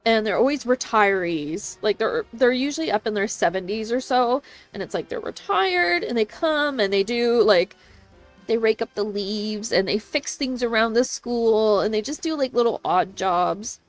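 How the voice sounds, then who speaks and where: A woman streamer telling a story to her chat in an animated way, swearing freely and laughing often. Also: on the high side, moderate pace, faint music behind. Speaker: game streamer.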